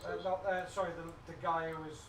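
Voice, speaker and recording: A man at a tabletop game, casually proposing plans to the group. His voice sits high for a man. He is heard from afar in an echoey room with clear background noise. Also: flat delivery, fairly quick, far from the mic. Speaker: player.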